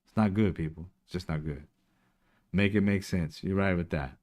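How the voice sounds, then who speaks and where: A man's voice: deep voice, normal speed, a little mellow. A man hosting a casual political livestream, talking emphatically and mocking his opponents in put-on quotes. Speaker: political commentary show host.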